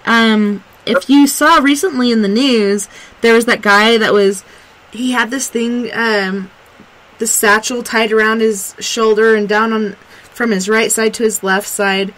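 A woman's voice: a little high, fairly even intonation, unhurried, a bit bright, poor audio. A woman hosting a talk radio show, chatting casually and retelling news stories at length.

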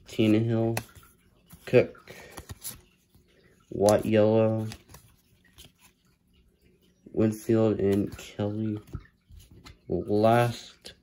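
A man talks his way through a stack of card packs in a slow, unhurried voice, muttering hopeful commentary as he goes. His tone is mellow and dark, with a faint hiss of noise behind him. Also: fairly low pitch, level tone, poor audio. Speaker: card collector opening packs. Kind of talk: casual pack-opening commentary.

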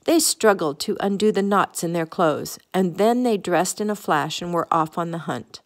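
A woman's voice: on the low side, moderate pace. A woman reading a children's picnic story aloud in a homey way, now and then stumbling and correcting herself. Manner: homey read-aloud with small slips and self-corrections. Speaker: storybook reader.

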